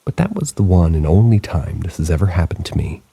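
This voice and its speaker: Deep gravelly man narrating over rain. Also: sing-song, fairly quick, dark tone. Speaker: narrator reading submitted stories. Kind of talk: scripted narration of stories. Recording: rain sounds behind the voice.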